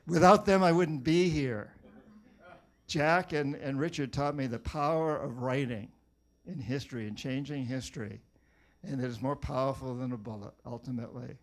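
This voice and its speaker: An older man from New Hampshire, USA, an author, gives a rousing motivational speech to a live audience, telling stories and firing questions at the crowd. His voice is medium in pitch and moderate in pace.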